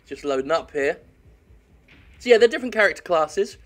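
A man giving sweary, joking let's-play commentary while he plays a game, with excitable outbursts. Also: a little high, brisk. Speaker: games critic playing a game.

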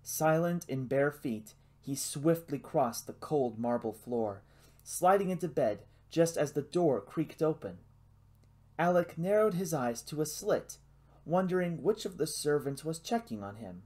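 Male audiobook narrator, hushed suspenseful storytelling. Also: on the high side, lively intonation, unhurried.

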